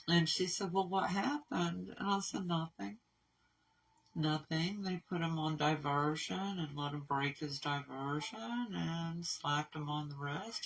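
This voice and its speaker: A woman who runs an animal rescue, talking candidly in a casual vlog update, rambling and halting with fillers. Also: sits low, vocal fry, fairly bright tone, a little hiss or hum. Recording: voice somewhat far from mic.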